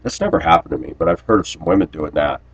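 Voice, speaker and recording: A man delivering a rambling personal monologue to camera, blunt and aggrieved, often clearing his throat. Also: very deep voice, expressive, fast, muffled recording. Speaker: vlogger.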